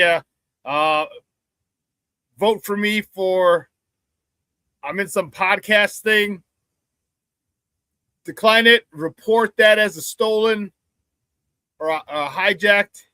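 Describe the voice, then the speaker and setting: Ranting high-voiced sports talk host. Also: male voice, pushed and bright, no echo. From Chicago area. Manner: fired-up, ranting, loose and profane. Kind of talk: casual live show talk.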